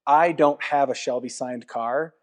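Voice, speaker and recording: A man's voice: medium pitch, unhurried. Reflective man hosting a podcast. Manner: reflective, asks leading questions. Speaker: podcast host. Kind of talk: casual interview talk.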